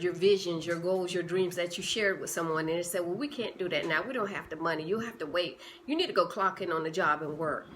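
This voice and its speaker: A woman with a sharp, medium-pitched voice gives a passionate motivational talk, pushing her listeners with repeated rhetorical questions. A little hiss or hum can be heard.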